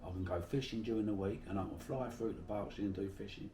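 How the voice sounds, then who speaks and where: A middle-aged Bermondsey man with a South London accent tells salty anecdotes in a casual interview, swearing freely and chatting away. His voice is lowish and he talks fast. The recording is reverberant and distant, with background noise.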